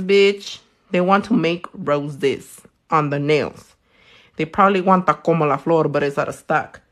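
A woman, a nail technician chatting loudly and crudely on a livestream while she works, teasing and laughing a lot. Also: mid-range voice. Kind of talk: casual livestream chat while doing nails. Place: her own room.

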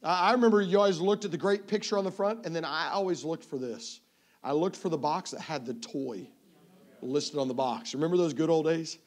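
A man's voice: on the high side, fairly quick. A man in his fifties preaching a sermon as a visiting evangelist, telling playful, self-mocking stories and often repeating his first word. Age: 50s. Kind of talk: sermon with humorous family stories.

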